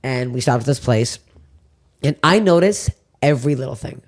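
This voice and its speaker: A woman hosting a comedy podcast, telling stories in a casual, profane, animated way. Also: a bass voice. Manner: profane, rapid, animated storytelling. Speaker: podcast host. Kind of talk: casual comedic chat and storytelling.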